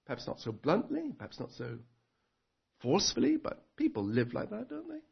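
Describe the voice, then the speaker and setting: A man's voice: sits high, wildly swooping pitch, normal speed, creaky, slightly rough, lo-fi sound. A man preaching a sermon earnestly, putting rhetorical questions to his congregation.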